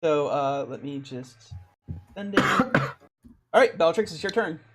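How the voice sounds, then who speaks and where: Dm guy, kinda high voice, walks the players through rules, laughs easy. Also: lively intonation, background noise. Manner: explains rules patiently, quick to laugh. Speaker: dungeon master. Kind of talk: running a tabletop game.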